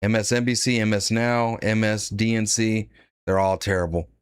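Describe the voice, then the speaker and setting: A man's voice: fairly low pitch, level tone, moderate pace, clear, resonant tone. A man giving blunt, sarcastic live-stream commentary, reading out donations and laughing at his own jokes. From United States.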